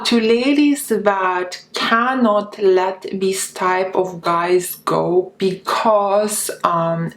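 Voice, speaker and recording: A woman relationship coach giving slow, deliberate dating advice straight to her viewers. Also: lowish voice, reverberant, low-quality recording. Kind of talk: advice vlog talking to camera.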